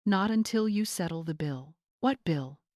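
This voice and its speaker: A woman's voice: medium pitch, normal speed, dry recording, studio quality, lightly acted. A woman voicing a commanding woman in her seventies. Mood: cool. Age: 70s. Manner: calm, cool, clipped authority. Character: older woman, commanding retired homeowner.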